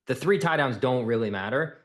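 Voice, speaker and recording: A man's voice: mid-range voice, expressive, a little fast, fairly bright tone. Blunt, emphatic male sales coach. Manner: blunt, emphatic, repeats phrases for effect.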